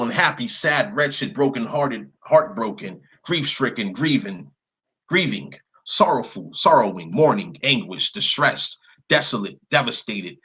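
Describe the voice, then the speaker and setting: A man's voice: mid-range voice, bright, forceful tone, slightly rough, rough recording. A man giving a screen-share commentary, reading long word lists aloud in a blunt manner and cursing now and then. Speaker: presenter.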